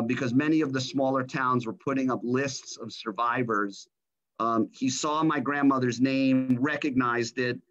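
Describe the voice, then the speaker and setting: Middle-aged man, guest speaker, halting storyteller, slightly muffled lo-fi sound. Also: mid-range voice, fairly bright tone. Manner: halting, many ums and uhs. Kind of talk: storytelling talk.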